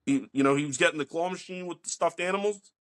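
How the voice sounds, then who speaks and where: A man's voice: on the high side, fast talker, fairly bright tone. A man, hosting a podcast and telling rambling, profane stories in casual chat. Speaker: podcast host.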